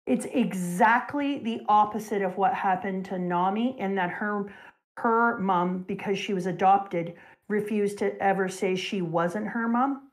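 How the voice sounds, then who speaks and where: A young adult woman hosting a casual talk show, retelling a story with animated, emotional energy. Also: medium pitch, measured pace. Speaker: show host. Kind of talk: casual chat retelling a manga.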